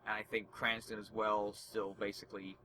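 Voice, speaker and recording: Male podcast co-host, bright tone, opinionated casual chat, faint background noise. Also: fairly low pitch, level tone, moderate pace. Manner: opinionated, explains at length with many restarts.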